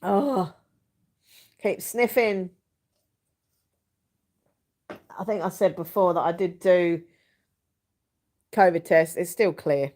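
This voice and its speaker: A woman's voice: lowish voice, takes it slowly, long pauses, darkish tone. Giggly girl rambling on her live stream at home, chatty and all over the place. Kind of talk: casual live chat, reading comments.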